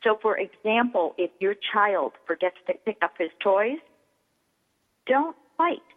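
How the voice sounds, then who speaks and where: A middle-aged woman, a toy store owner and guest on a radio show, explaining things in an animated way and acting out examples. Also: mid-range voice, unhurried. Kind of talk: radio interview. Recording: tinny phone line with long reverb.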